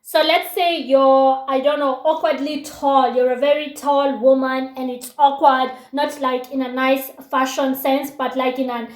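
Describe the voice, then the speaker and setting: A woman's voice: sits high, flat delivery, unhurried, hardly any pauses, reverberant. A woman in her thirties with a youthful, baby-like voice, chatting casually as she gives relationship advice with lots of fillers and asides. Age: 30s. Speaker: relationship talk speaker.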